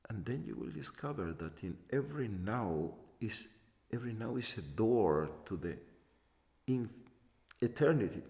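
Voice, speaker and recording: A man giving a spiritual talk as a teacher, halting and repeating short phrases for emphasis. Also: lowish voice, animated, creaky, a little mellow. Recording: long hall reverb.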